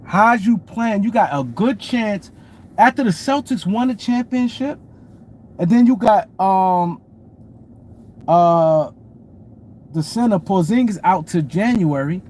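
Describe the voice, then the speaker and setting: A man's voice: sits high, lively intonation, slow pace, long pauses, darkish tone, a little hiss or hum. A man hosting a casual sports talk stream, repeating points and greeting viewers by name. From New York City. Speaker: show host. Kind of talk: casual sports commentary livestream.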